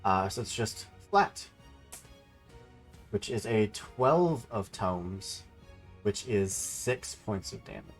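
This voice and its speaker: A man acting as game master speaks slowly in a lowish, expressive voice, leaving long pauses as he announces rolls and damage without fuss. Soft music plays in the background of the tabletop game.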